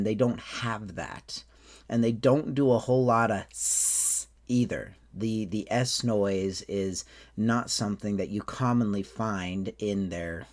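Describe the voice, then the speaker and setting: A man talking casually through an accent tutorial as a faire staff member, relaxed and rambling, with frequent restarts. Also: on the low side.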